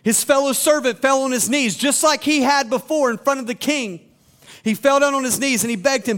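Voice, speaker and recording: A man's voice: extremely high pitch, brisk, a bit bright. A man preaching a sermon as a pastor, reading scripture aloud and explaining it with rhetorical questions.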